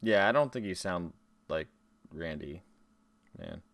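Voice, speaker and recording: A man's voice: low-pitched, expressive, measured pace, vocal fry, fairly bright tone, dry recording. A man streaming a game, chatting casually with his viewers between tasks. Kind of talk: casual live-stream chat while gaming.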